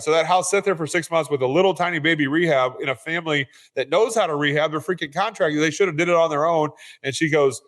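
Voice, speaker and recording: A man's voice: fairly high pitch, fast, few pauses, fairly bright tone. Earnest man telling stories in an interview. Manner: earnest, repeats words while restarting. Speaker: real estate investor guest. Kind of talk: casual interview storytelling.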